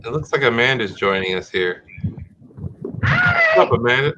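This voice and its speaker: A man's voice: medium pitch, wildly swooping pitch, normal speed, pushed and bright, muffled recording, a little hiss or hum. A middle-aged man hosting a live-streamed talk show in casual chat, rambling and restarting his sentences as he thinks aloud.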